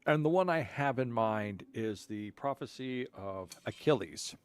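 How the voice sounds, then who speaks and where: A man's voice: mid-range voice, animated, unhurried, clear, resonant tone. A man streaming a game, telling a long story casually, with frequent restarts and stammered repeats. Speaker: gaming streamer.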